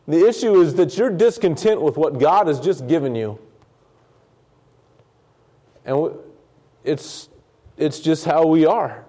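A man's voice: fairly high pitch, a little slow, pauses often, mellow. A man teaching a sermon on a Bible passage in a conversational way, repeating words and acting out the people's complaints. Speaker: preacher.

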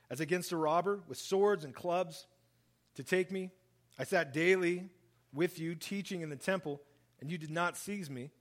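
A man preaching a sermon, reading scripture and explaining it in an animated way, acting out the quoted speech. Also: moderate pace. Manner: animated, acts out quoted speech, lively shifts in pitch and volume. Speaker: pastor. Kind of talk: sermon, Bible reading and commentary.

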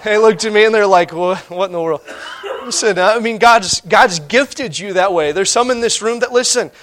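A middle-aged man preaching a sermon as pastor, conversational and animated, laughing often. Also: high-pitched, moderate pace.

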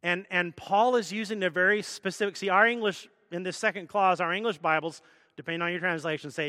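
A man's voice: high-pitched, brisk, pushed and bright, dry recording, clean studio sound, long reverb tail. A man preaching a sermon as pastor, teaching in a conversational way with self-deprecating jokes.

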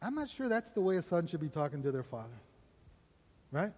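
A man's voice: on the high side, sing-song, a little fast, a little mellow, in a large hall. A man preaching a sermon in a conversational way. He keeps checking in with the congregation and laughs between points. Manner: conversational, asks the congregation "right?" often. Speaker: pastor.

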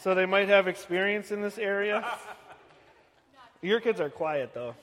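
A man in his thirties giving a joking, animated sermon to a congregation in a church hall. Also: high voice, measured pace. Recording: echoey hall.

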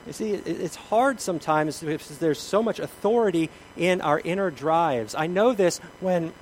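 A man's voice: fairly high pitch, normal speed, a little hiss or hum, low-quality recording. A male pastor preaching a sermon in a church, emphatic and storytelling, repeating his key questions. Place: church sanctuary.

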